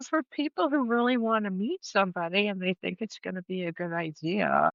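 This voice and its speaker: Gravelly, lively woman podcast co-host. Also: medium pitch, brisk, no room sound. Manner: chatty, animated, laughs easily. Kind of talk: casual chat. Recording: dull, dry, slightly lo-fi.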